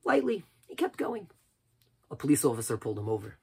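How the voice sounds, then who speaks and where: A rabbi giving an impassioned sermon, swinging from loud cries down to near whispers. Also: male voice, medium pitch, huge pitch swings, brisk, husky.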